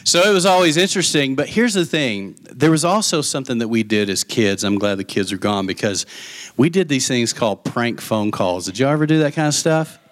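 A man's voice: mid-range voice, animated, fairly quick. A man from Texas, preaching a sermon in a folksy, chatty style and telling a boyhood story with questions to his listeners.

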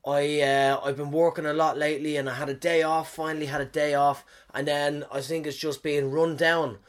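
A man with a head cold rambles through a comic monologue in a slightly high voice. He swears freely, trips over his words and keeps losing his thread, then picks it back up. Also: level tone, normal speed. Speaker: comedian.

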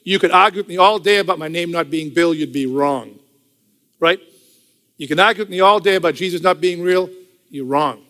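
A man's voice: fairly high pitch, fairly quick, a bit bright. An older man giving a church testimony in a conversational storytelling way, repeating phrases for emphasis. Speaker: testimony speaker. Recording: hall with long reverb.

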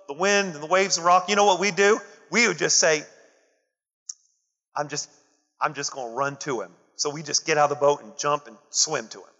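A man's voice: sits high, sharp tone. A man preaching a sermon, calling on the congregation to answer him. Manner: preaching with call-and-response to the congregation. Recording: dull lo-fi audio with long hall reverb.

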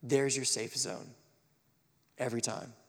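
A man preaching a live sermon, animated and acting out the quotes and stories he tells. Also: mid-range voice, a little slow, in a large hall.

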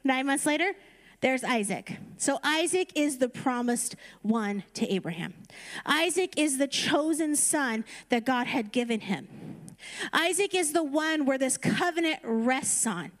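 A woman's voice: sits high, lively intonation, measured pace. A woman preaching a conversational sermon, retelling a story casually and then urging her listeners on. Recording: reverberant hall.

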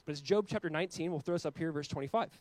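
A man in his thirties preaching a sermon as a pastor, earnest, with loud emphatic peaks and quiet, slowed passages. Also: on the high side, dry recording, low-quality recording.

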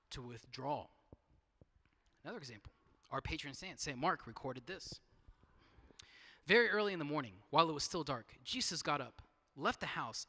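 A man's voice: fairly high pitch, pushed and bright, big-room sound. A man preaching a sermon in a conversational way, asking rhetorical questions and restarting his phrases. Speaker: pastor.

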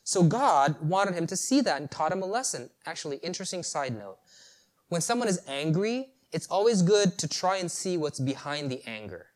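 A man preaching a sermon, animated, asking rhetorical questions and chuckling at the story. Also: fairly high pitch, normal speed.

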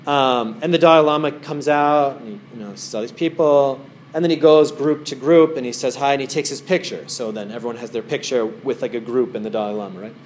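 A man's voice: mid-range voice, fairly quick, hardly any pauses, slight background noise. A man giving a casual talk as a meditation teacher to a small group in a wellness center, rambling through stories with many fillers.

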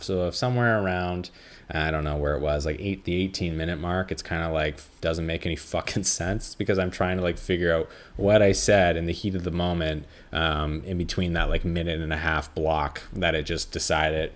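A man's voice: sits low, fairly even intonation, normal speed. A young man hosting a casual solo film podcast, rambling and swearing freely with lots of fillers. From Canada. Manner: rambling, profane, frequent fillers. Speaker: podcast host, film reviewer.

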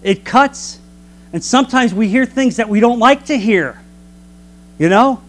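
Guy teaching bible study, high voice, lots of rhetorical questions, bit of hum behind. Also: unhurried, pauses often. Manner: animated, preacherly, rhetorical questions.

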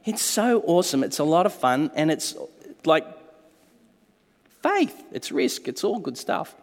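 A man's voice: on the high side, measured pace, vocal fry, big-room sound. A man preaching a sermon as a pastor, telling stories animatedly and acting out the quotes. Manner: animated storytelling with acted-out quotes.

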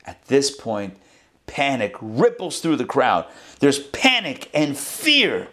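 A man telling a parable to a class in an animated storytelling sermon, acting out the animals' voices. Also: medium pitch, slow. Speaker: rabbi teaching a class.

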